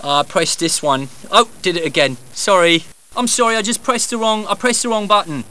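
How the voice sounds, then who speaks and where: A man's voice: high voice, fairly quick, pushed and bright. An actor voicing a brash, foul-mouthed male heist gunman in game voice lines, crude and rallying his crew. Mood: sheepish. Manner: crude, swearing, cheering teammates on.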